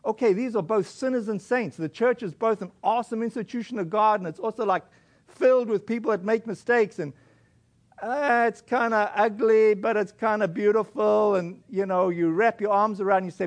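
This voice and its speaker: A man preaching a sermon as pastor in a relaxed, conversational way, with frequent fillers and restarts. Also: high-pitched, moderate pace. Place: church.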